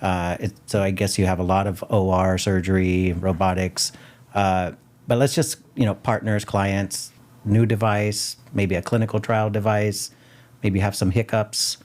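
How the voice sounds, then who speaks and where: A man with a low voice hosts a casual podcast. He asks questions in an easygoing way and backs his guest with quick affirmations. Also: level tone, a little mellow. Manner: conversational, prompting with questions and frequent affirmations. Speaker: podcast host.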